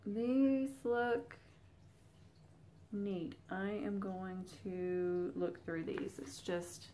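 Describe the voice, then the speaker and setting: A woman's voice: on the low side, flat delivery, slow pace, dark tone, a little hiss or hum. A young woman with a Southern US accent, chatting casually to her viewers as she unboxes and shows off old craft patterns. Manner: chatty, talks straight to viewers. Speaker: Flosstube vlogger. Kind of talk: casual chat while unboxing.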